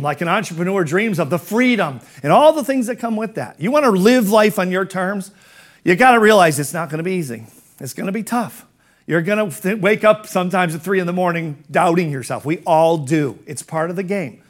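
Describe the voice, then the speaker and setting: A man's voice: high-pitched, expressive, normal speed. A middle-aged man giving a motivational business talk as a coach, firing rhetorical questions in an emphatic, conversational way.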